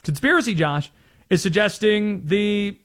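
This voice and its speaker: Lively, chatty sports radio host. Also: male voice, high-pitched, measured pace. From North Carolina. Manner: chatty, self-aware, explains his bits.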